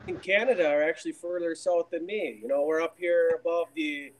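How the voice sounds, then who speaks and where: A man's voice: a little high, fairly quick, close to an everyday voice. A man putting on an exaggerated folksy northern character on a live video talk show, joking about fishing lures and beer. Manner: jokey, exaggerated folksy exclamations.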